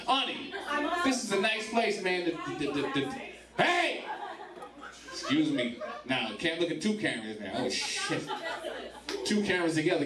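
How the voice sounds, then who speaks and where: A man doing stand-up crowd work in a bar comedy club, profane and laughing through his lines. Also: medium pitch. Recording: echoey club from far off with crowd.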